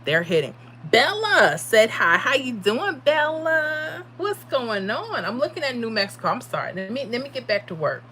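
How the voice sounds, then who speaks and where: A woman's voice: on the high side, big pitch swings, normal speed, hardly any pauses, pushed and bright, slight background noise. A tired woman hosting a casual livestream, chatting and reading out viewer comments. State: tired from little sleep. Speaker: livestream host giving lottery predictions.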